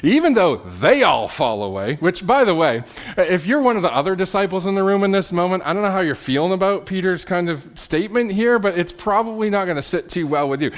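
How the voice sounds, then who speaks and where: A man's voice: high voice, animated, quick pace. A man preaching a sermon as pastor, telling the story with animation, repeating words and checking in with "right?". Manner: repeats words and restarts mid-phrase.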